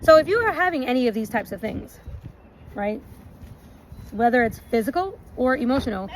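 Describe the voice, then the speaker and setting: A woman recording a relationship vlog outdoors, reading out points slowly and adding chatty asides. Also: on the high side, sing-song, low-quality recording. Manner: reads lists slowly, adds chatty asides. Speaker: relationship vlogger. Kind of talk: casual talk, reading points aloud. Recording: outdoor recording with noticeable background noise.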